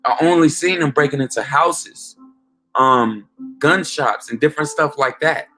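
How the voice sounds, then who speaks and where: A man's voice: fairly high pitch, unhurried, sharp tone, soft background music. A man preaching informally and emphatically, often saying "man" and asking "okay?" as he recounts a dream.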